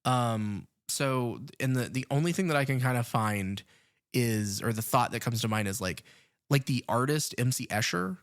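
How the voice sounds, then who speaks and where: An American man talks casually as a podcast co-host, working through his ideas about a film. He hedges as he goes and fills his pauses with ums. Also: medium pitch. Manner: thoughtful, hedging, many ums.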